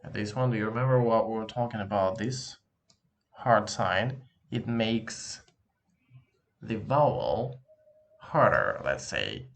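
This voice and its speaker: A man teaching a language lesson, patient and encouraging, repeating words slowly to show how they sound. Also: lowish voice, expressive, gravelly, fairly bright tone. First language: Russian. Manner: slow, drawn-out demonstration pronunciations. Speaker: Russian teacher.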